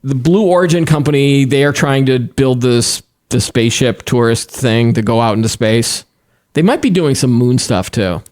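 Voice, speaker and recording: A man co-hosting a tech news podcast, his voice sitting at an ordinary middle pitch. He reads stories aloud and breaks off into casual asides. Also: normal speed, a little mellow. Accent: Boston. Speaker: podcast co-host.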